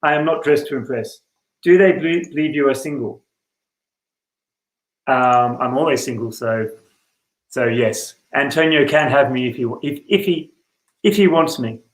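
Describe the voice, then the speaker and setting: A man's voice: mid-range voice, moderate pace, pauses often, echoey room, poor audio. A man playing a tabletop role-playing game over a video call, often correcting himself and apologizing with a laugh. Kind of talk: casual role-play chat.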